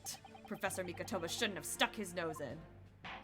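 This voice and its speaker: A self-assured young defense lawyer with a British accent, played by a woman on her game stream. He speaks calmly in a lower, steady voice. Light music runs behind. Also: normal speed, natural voice. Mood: confident. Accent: put-on British. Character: young male defense lawyer, proud and protective.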